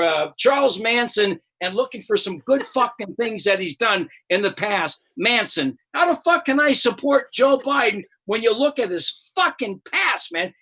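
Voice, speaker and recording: A man's voice: extremely high pitch, sharp tone. Heated, profane older American man. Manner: profane, rambling, heated, many restarts. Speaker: comedian and show host. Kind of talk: profane comedic political rant.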